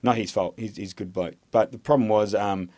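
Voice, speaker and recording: A man's voice: fairly low pitch, fairly quick, warm tone. An Australian man, an army veteran, talking candidly in an interview in a rambling way, with lots of hesitation and frequent swearing.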